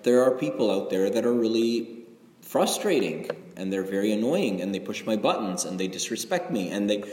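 A middle-aged male pastor with a warm, mid-range voice delivers a conversational, confessional sermon, frequently checking in with "right?". The recording has the long reverb of an echoey hall.

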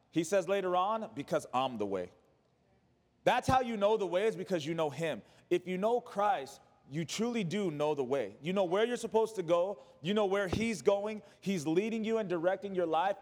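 The pastor's voice is high, and his preaching moves from pressing, elevated lines down to soft, hushed ones. Long, church-hall-like reverb surrounds everything he says.

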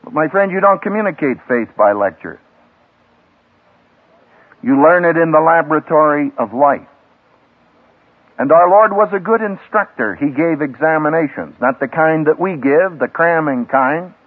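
A man preaching a sermon to a graduating class as a seminary professor, emphatic and dramatic, with big swings in pitch and loudness. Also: animated, normal speed, pauses often, breathy edge. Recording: tinny lo-fi archival radio broadcast.

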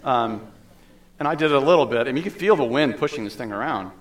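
A man's voice: mid-range voice, expressive, fast talker. A male pastor preaching a sermon in a conversational way, with asides and the odd laugh.

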